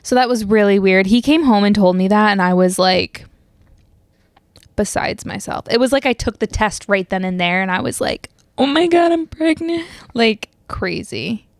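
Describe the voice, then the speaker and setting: A young woman hosts a podcast in a loose, rambling way, full of fillers and restarts. Her voice sits at an ordinary pitch. The sound is dry and close, with no room echo. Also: normal speed, hardly any pauses, smooth. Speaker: podcast host. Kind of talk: casual solo chat.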